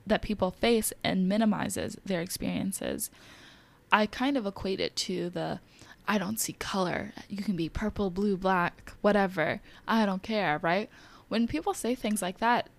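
A young woman talks straight to her listeners in a casual, candid way and leans hard on her main points. Her voice sits at an ordinary pitch, with a gravelly rasp that runs under her words. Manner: candid, emphatic and encouraging, addressing listeners directly. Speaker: wellness podcast host. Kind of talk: casual advice talk.

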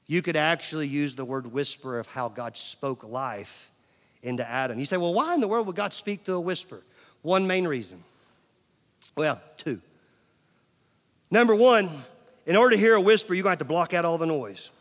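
A middle-aged male pastor preaching a sermon, swinging from loud emphasis to near-whispers and asking the audience questions. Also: on the high side, expressive, moderate pace. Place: large church hall. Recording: long church hall reverb.

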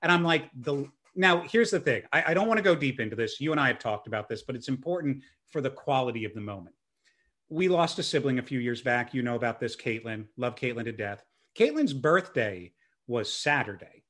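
A young man telling a story in a casual chat, animated and self-mocking. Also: medium pitch, brisk.

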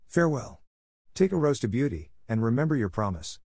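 A man's voice: mid-range voice, very animated, a little fast, gravelly, a little mellow, dry recording, studio quality, voice pushed up. A man reading as a grim, angry beast lord. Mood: stern. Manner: grim, commanding. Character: angry stern male beast lord of a palace. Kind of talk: audiobook character reading.

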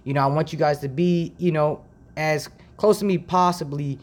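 A man from Ohio hosting a casual faith podcast, talking in a rambling, relaxed way full of slang, recorded on a decent mic in a makeshift home setup. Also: a little high, moderate pace. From Ohio, USA. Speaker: podcast host.

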